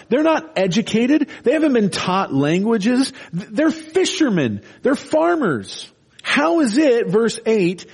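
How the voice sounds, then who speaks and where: A man's voice: medium pitch, a little mellow. Earnest man preaching verse by verse. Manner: earnest, explanatory, with frequent restarts and rising emphasis. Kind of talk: expository sermon.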